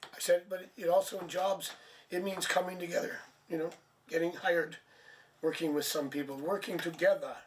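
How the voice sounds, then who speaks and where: High-voiced guy doing tarot on a live stream, worn out, chatty, sounds a bit far off. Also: steady tone, normal speed. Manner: chatty, laughs at himself, thinks aloud. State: tired, low energy. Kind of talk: casual live-stream chat and card reading. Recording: distant mic, faint background noise.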